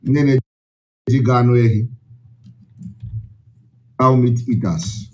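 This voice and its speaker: A man's voice: mid-range voice, takes it slowly. A man with a Nigerian accent, an Igbo speaker, addresses his followers in an impassioned, repetitive, preaching way.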